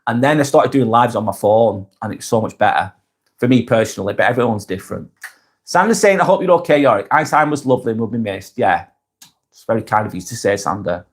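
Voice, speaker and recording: With a low-leaning voice, lively delivery, and quick pace, a man from Northwest England speaking in a Lancashire accent runs a casual live stream. He reads his viewers' comments out loud and responds to every one by name without fuss.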